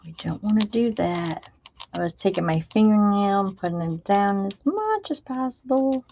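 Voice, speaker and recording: A woman's voice: mid-range voice, lively intonation, moderate pace, vocal fry, warm tone, dull audio, a little hiss or hum. A woman, chatting casually to her viewers while she crafts and talking to herself as she works. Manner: chatty, talks to herself while working, drops into whispers. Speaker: craft video host. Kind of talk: casual crafting vlog chat.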